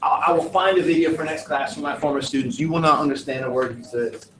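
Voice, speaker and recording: A man's voice: on the high side, fairly even intonation, fast talker, fairly bright tone, slight background noise. A man from the United States teaching a class, lecturing in a chatty, jokey, digressive way. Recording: roomy classroom audio from a distant mic.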